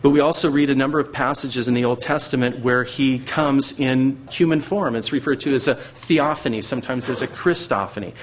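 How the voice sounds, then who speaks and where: Male pastor, middle-aged, earnest sermon delivery, moderate pitch. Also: a little fast, hardly any pauses. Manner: earnest, acts out voices of God and Satan.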